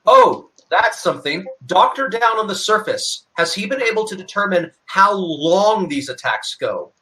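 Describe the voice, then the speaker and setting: A man with a high, bright voice talks as a player in a tabletop game. He rambles eagerly and runs one idea into the next. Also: sing-song, moderate pace. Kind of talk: casual tabletop game chat.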